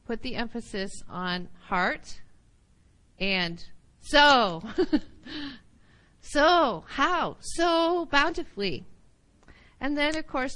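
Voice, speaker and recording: Bright-voiced woman teaching Bible study. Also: a little high, poor audio. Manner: animated, checks in with "right?" and laughs often.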